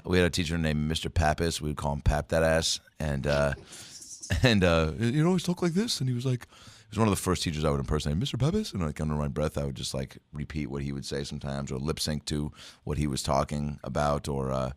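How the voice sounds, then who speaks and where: Very deep-voiced comedian guest, profane storyteller, dry studio sound. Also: male voice, brisk, dry recording. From Seattle, USA. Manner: profane, animated storytelling with impressions. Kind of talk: casual storytelling chat.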